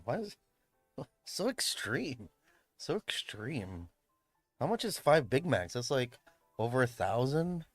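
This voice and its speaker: A man's voice: mid-range voice, big pitch swings, takes it slowly, long pauses, dry recording, soft background music. Rambling man streaming. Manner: rambling, many fillers and restarts. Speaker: livestreamer. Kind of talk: casual livestream chat. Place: home room, tidying up. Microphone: streaming mic.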